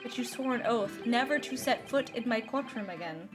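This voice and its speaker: A woman voicing a stern older male judge in a courtroom game, measured and authoritative. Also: on the high side, expressive, over music, natural voice.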